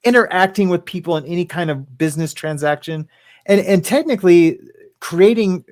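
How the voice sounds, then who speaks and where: A man co-hosting a casual chat, rambling through stories with halting restarts and frequent laughter. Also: high voice, a little mellow, no room sound. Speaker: co-host.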